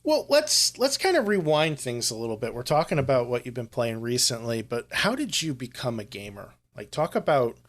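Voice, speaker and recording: A man hosts a podcast interview in a mid-range voice. He steers the talk with relaxed, friendly questions. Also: medium pitch, moderate pace, hardly any pauses. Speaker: podcast host. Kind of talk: casual interview chat.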